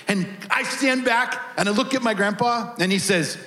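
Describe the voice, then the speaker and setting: A man preaching to his congregation with a fairly high voice. He tells a story in an animated way, acting out the people in it, before the reading. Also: moderate pace. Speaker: pastor. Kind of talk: sermon with personal story.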